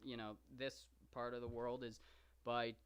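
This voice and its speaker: A man's voice: mid-range voice, flat delivery, a little slow, clean tone, muffled recording. A man hosting a live stream, talking casually and enthusiastically about an ancient epic, rambling with many fillers and asides. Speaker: podcast host reading and discussing the Iliad.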